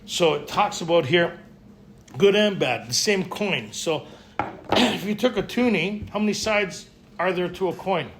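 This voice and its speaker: A man's voice: high voice, lively intonation, a little slow, fairly bright tone. Man talking to a group. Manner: conversational, often checks in with listeners. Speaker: recovery speaker at a men's retreat. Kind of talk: casual talk to a group. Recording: faint room ambience and noise.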